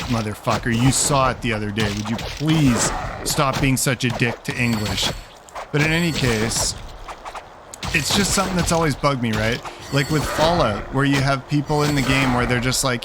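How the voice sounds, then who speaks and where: A man's voice: mid-range voice, moderate pace. A man hosting a let's play, giving casual, rambling commentary full of sarcasm and swearing. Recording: commentary with background game noise.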